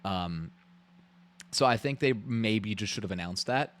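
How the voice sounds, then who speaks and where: A man's voice: fairly low pitch, animated, measured pace. A man live-streaming his reactions to a game showcase, ranting bluntly and profanely with frequent restarts.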